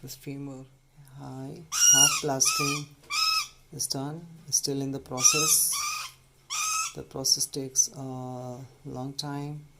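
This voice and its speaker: A man, a bird rescuer, speaking softly and soothingly to an injured baby bird while explaining its care. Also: mid-range voice, steady tone, slow, creaky. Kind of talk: casual vlog narration. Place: at home, indoors. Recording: noisy home recording.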